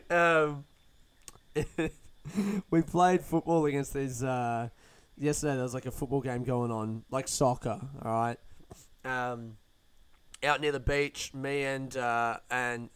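Young man, podcast host, rambling, self-deprecating, sweary, smooth clear voice, dry close sound. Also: medium pitch, steady tone, unhurried, fairly bright tone, dry recording. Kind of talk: casual monologue.

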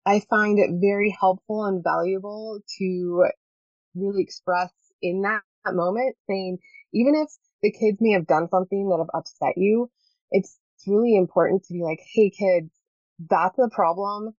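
A woman's voice: medium pitch, a little mellow, dry recording. A woman, a podcast guest talking earnestly about parenting and often checking in with "right?". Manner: earnest, talks in quick bursts with many "right?" checks. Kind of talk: casual podcast chat. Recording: dull, slightly lo-fi dry sound.

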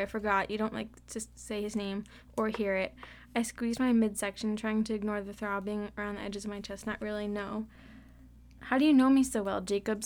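A young woman co-hosting a casual book-club podcast, chatty and giggly, reading passages aloud. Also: mid-range voice. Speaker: podcast co-host.

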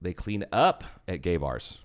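Man in his thirties, low voice, casual podcast host, animated profane storyteller. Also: a little slow. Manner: animated storyteller, swears a lot, acts out quotes.

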